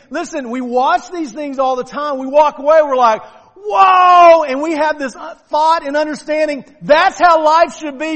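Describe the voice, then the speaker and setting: A man preaching a sermon to his church, talking conversationally and rising to emphatic shouts. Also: very high voice, big-room sound. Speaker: pastor. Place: church sanctuary.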